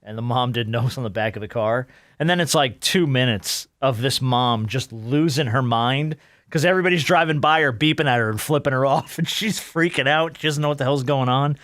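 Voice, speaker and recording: A man's voice: mid-range voice, a little fast, fairly bright tone, no echo, studio quality. A man co-hosting a casual sports podcast, telling stories with laughter and a bit of swearing. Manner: laughing storyteller, swears freely. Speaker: podcast co-host.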